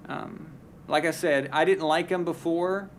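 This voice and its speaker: Hosting a casual live sports talk stream, this man delivers blunt, heated takes and keeps restarting his sentences. His voice is fairly high and fairly even, a little slow, with slight background noise behind it.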